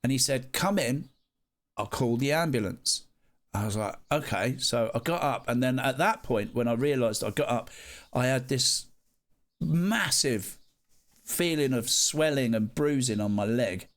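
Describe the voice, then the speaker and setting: A young man telling a vivid, animated personal story in a casual way, with some swearing. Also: mid-range voice, a little slow. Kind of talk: casual anecdote.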